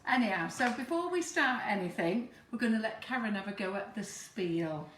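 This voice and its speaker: A woman's voice: mid-range voice, animated, moderate pace, fairly bright tone, slight background noise. A woman hosting a live cake-decorating demo, chatty and teasing. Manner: chatty, teasing, laughs often. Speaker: shop host. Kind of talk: live-stream demo chat. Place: shop demo kitchen. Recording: echoey kitchen from far off.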